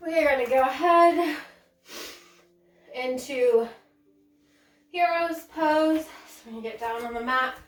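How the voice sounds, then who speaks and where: A woman's voice: sits high, measured pace, pauses often. A woman leading a casual yoga session, out of breath, sighing between chatty remarks. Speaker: yoga instructor. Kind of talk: casual yoga class talk. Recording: echoey room, mic at a distance, soft music.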